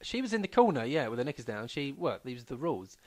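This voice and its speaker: A man, co-hosting a comedy podcast and telling self-mocking stories in low-key asides. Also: very animated, quick pace, dry recording. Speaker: comedian co-host. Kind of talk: casual comedy podcast chat.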